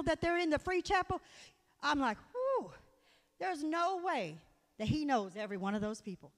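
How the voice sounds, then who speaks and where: A woman's voice: high voice, fairly bright tone. A woman delivering a folksy, earnest sermon in church, telling stories and appealing directly to her listeners. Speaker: guest speaker at church. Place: church sanctuary. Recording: long hall reverb.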